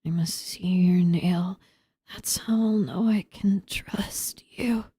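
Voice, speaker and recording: A woman voicing a creepy man who whispers through a locked door in a croaky, slow voice, reading game dialogue aloud. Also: fairly low pitch, fairly even intonation, mellow, dry recording, studio quality. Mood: eerie whisper. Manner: slow, pleading, unsettling.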